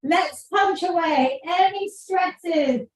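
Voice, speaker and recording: Woman fitness coach, high voice, unhurried cues, out of breath, echoey room far from the mic. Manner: encouraging, counting out cues. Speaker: fitness instructor. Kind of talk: live workout coaching.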